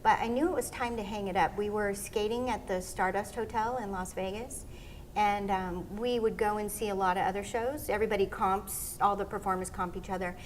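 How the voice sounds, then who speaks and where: A middle-aged woman being interviewed, telling stories in an animated way and acting out what people said. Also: mid-range voice, a little fast, slight background noise. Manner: animated storyteller, acts out quotes. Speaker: interview guest, former pro skater. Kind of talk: casual storytelling interview.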